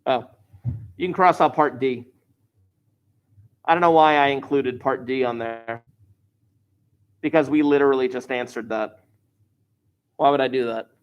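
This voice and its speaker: A man at a middle pitch talks a class through a math problem. He is chatty and informal. He repeats important phrases over and over so they stick. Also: smooth. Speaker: math teacher. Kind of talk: recorded classroom math lesson.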